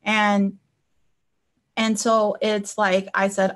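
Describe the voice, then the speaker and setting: Speaking slowly in a level, slightly bright medium-pitched voice, a woman life coach chats casually on a live stream. She relates personal stories and keeps checking in with her viewers.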